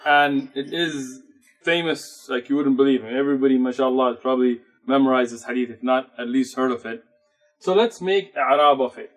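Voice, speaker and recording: A man teaching an Arabic grammar class in a mosque classroom, patiently explaining terms in English mixed with Arabic words and quickly reciting Arabic passages. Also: mid-range voice. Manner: recites Arabic text rapidly. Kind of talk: classroom lecture.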